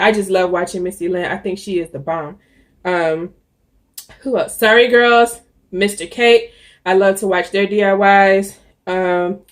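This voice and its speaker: A young adult woman vlogging, talking casually and candidly to the camera, with frequent ums and restarts. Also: medium pitch. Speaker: YouTuber.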